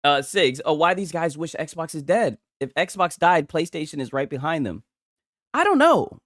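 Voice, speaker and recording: A man's voice: on the high side, sing-song, normal speed, a bit bright, no room sound, studio quality. A man hosting casual gaming commentary from a home setup, talking in a profane, mocking way and laughing often.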